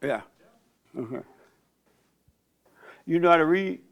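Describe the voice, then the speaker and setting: A man's voice: fairly high pitch, expressive, slow pace, a bit bright. An older man hosting a church discussion, talking in a folksy, joking way and laughing often. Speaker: host leading a church discussion. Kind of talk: casual preaching talk.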